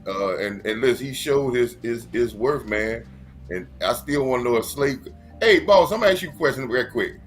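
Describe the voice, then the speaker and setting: A man's voice: mid-range voice, lively intonation, moderate pace, soft background music. A man on a casual sports talk panel, teasing while he asks probing questions.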